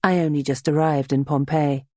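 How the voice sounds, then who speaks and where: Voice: mid-range voice, steady tone, moderate pace, no room sound, close to an everyday voice. A young enslaved Greek woman answers carefully and politely, as a storybook reader voices her. The voice is barely acted. The sound is dry and close.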